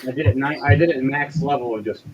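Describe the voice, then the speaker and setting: A man's voice: mid-range voice, fast, noisy background. A man narrating a tabletop game as game master, loose and crude, often laughing, over background music.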